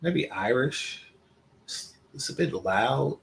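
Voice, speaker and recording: A man hosting his own channel, giving casual, rambling commentary with many pauses and restarts. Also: mid-range voice, lively intonation, creaky. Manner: hesitant, many ums and restarts. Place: indoors in California.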